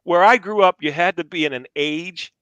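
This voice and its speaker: A man's voice: sits high, normal speed, clear, resonant tone, dry recording, dull audio. An older man casually telling stories from his youth, acting out the people he quotes. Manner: animated storyteller acting out quotes. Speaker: storyteller guest.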